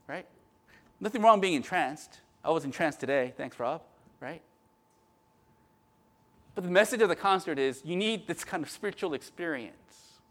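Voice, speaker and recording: A middle-aged male pastor giving a sermon in a conversational way, tagging lines with "right?" and swinging from quiet asides to loud, emphatic bursts. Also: fairly high pitch.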